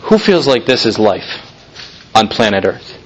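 A man's voice: lowish voice, very animated, a little slow, a little hiss or hum. A male pastor preaching a sermon, emphatic and full of rhetorical questions, building to fervent peaks.

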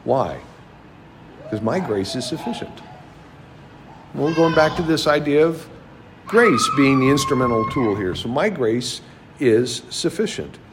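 A man's voice: mid-range voice, slight background noise. A man preaching a sermon, teaching a class and asking his listeners many rhetorical questions.

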